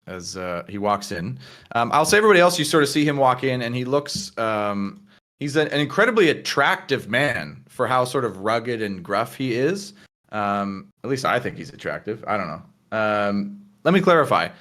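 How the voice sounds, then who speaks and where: A man narrates a tabletop game as its game master, halting often on "um" and "uh" while he sets the scene. His voice sits at an ordinary middle pitch. He jumps into short character voices along the way. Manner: halting, many fillers, lively character voices.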